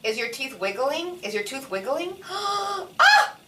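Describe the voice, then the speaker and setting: High-voiced woman coaching a child's speech. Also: a little hiss or hum. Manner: slow, animated, prompting word by word. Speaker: speech therapist. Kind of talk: one-on-one speech therapy with a child. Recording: echoey room, mic at a distance.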